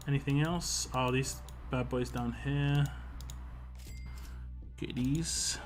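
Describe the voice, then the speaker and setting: A man's voice: medium pitch, steady tone, slow, pauses often, soft background music. A British man chatting casually while live-streaming a mobile game and reading out viewer comments in a rambling, chatty way. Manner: chatty, rambling, reads chat comments aloud.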